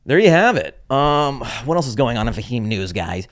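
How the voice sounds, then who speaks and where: A man's voice: medium pitch, sing-song, normal speed. A man hosting his own comedy podcast, telling a story in a wry, offhand, rambling way. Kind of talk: casual rambling monologue.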